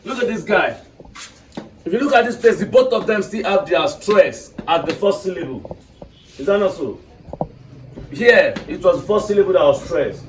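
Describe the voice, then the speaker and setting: A man's voice: high voice, expressive, normal speed, pauses often. A man with a Nigerian accent teaching an English class, quizzing his students with questions. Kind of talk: classroom lesson. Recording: echoey classroom, mic far off, faint noise.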